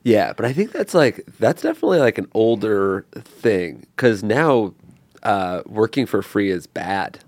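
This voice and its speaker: A man co-hosting an advice podcast, talking casually and joking through quick asides. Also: lowish voice, very animated, darkish tone, no echo. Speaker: podcast co-host.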